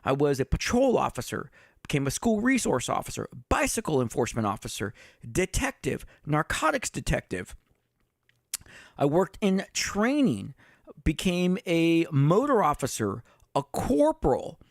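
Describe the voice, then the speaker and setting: A man's voice: fairly high pitch, very animated, unhurried, no room sound, studio quality. A man in his fifties, a retired police chief, telling stories in a casual livestream chat. He talks straight to his viewers and swears now and then. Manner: conversational, addresses viewers directly, swears casually.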